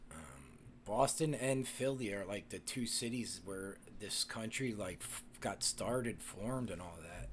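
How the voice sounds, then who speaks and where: Man, live stream host, casual rambling chat, profane, lowish voice. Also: expressive, a little slow, slight background noise. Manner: rambling, profane, many fillers and restarts.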